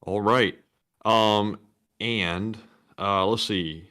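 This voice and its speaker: Male co-host, lower voice, plain reading of viewer questions, casual livestream. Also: steady tone, very slow, bright, forceful tone, clear, resonant tone. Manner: plain reading pace, hesitant fillers.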